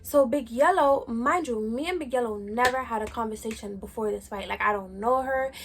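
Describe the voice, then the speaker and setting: A woman's voice: fairly high pitch, fairly quick, slight background noise. A young adult woman vlogger telling a story in slangy, chatty talk full of "like". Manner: slangy, chatty, lots of "like" fillers. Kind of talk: casual storytime chat.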